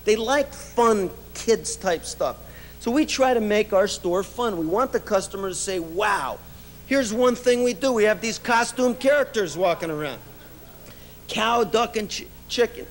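A man's voice: high-pitched, lively intonation, normal speed, slight background noise. A middle-aged man giving a business speech, telling anecdotes with frequent laughs and many "you know"s. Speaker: business speaker. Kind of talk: keynote storytelling speech. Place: event stage before an audience.

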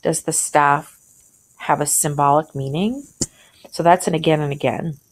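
A woman's voice: deep voice, fairly even intonation, normal speed. A woman teacher walking through a short story in a conversational way, thinking aloud and asking questions as she annotates.

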